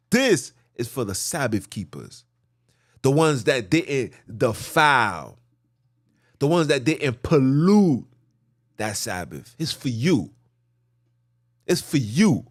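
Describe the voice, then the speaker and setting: Animated man preaching in a dry room. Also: on the high side, a little slow, dry recording. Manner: preacherly, repetitive, sliding from loud emphasis to near-mutters; casual street slang. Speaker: podcast host. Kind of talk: religious teaching monologue.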